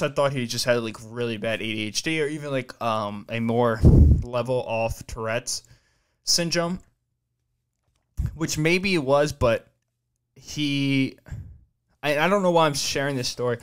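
A man's voice: mid-range voice, fairly bright tone, smooth. A young man hosting a podcast, telling a long story in a rambling, profane way, full of fillers and restarts. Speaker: podcast host. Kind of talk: casual storytelling chat.

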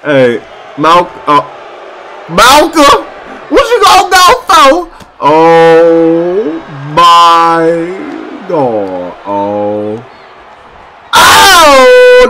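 Excitable man shouting wrestling commentary. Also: high voice, heavy background noise. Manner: shouting, exclaiming, loose slangy talk. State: losing his voice, squeaky.

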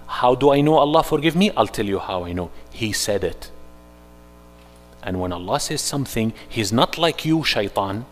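A man giving a live workshop sermon, swinging from hushed to loud and urgent, mixing in Arabic phrases. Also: mid-range voice, animated, normal speed, a little hiss or hum. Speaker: Islamic speaker. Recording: echoey hall.

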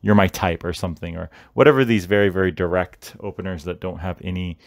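A man's voice: sits low, steady tone, quick pace, vocal fry, dry recording, studio quality. A man hosting a podcast, talking casually and rambling with many fillers and tag questions. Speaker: podcast host. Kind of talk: casual instructional podcast monologue.

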